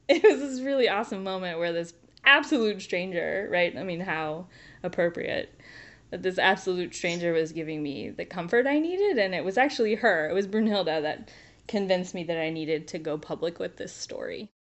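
A woman telling a personal story to an interviewer, expressive, laughing often and acting out the voices of people in it. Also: on the low side, moderate pace.

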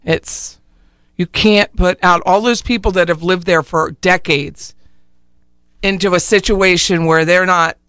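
A man co-hosting a casual talk show, opinionated and animated, laughing easily. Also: sits high, measured pace, clean tone, no room sound, studio quality. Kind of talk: casual radio chat.

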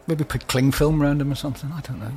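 A man's voice: on the high side, steady tone, quick pace, dark tone, breathy edge. A man co-hosting a podcast who chats in a rambling, hesitant, joking way. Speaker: podcast co-host. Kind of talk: casual chat.

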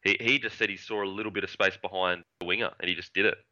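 Fast-talking deep bloke. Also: male voice, fairly even intonation, pushed and bright, highs cut off. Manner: rambling, repeats words, swears casually. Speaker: former rugby league winger, guest. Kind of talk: casual sports podcast chat.

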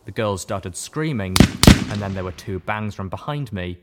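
A man giving a first-person audiobook narration with steady storytelling. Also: lowish voice, normal speed, very noisy.

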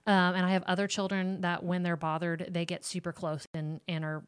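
Woman counselor, smooth lowish voice, direct casual talk to parents. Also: flat delivery, brisk, dry recording. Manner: warm, direct, talks straight to moms. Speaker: ministry counselor and host.

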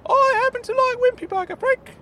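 A man voicing a fussy, nostalgic older uncle in a high, squeaky put-on voice, prim and insistent, in a comedy podcast sketch. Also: a little fast, sharp tone, a little hiss or hum. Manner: insistent, prim and easily delighted.

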